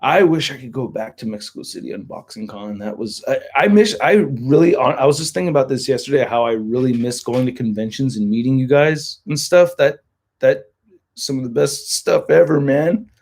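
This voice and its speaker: A man's voice: medium pitch, expressive, moderate pace, a little mellow. Rambling Californian-accented man chatting. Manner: rambling, heavy use of "like" fillers. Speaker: livestream host. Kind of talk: casual livestream chat.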